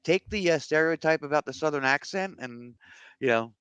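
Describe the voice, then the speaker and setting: A man co-hosting a casual panel podcast, rambling with many pauses and restarts. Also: on the high side, lively intonation, a bit bright, muffled recording, slight background noise. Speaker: podcast co-host.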